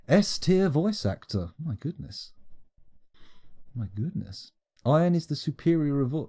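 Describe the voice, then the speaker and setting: A man's voice: fairly high pitch, warm tone. A man giving playful, rambling, self-mocking commentary while streaming a game live.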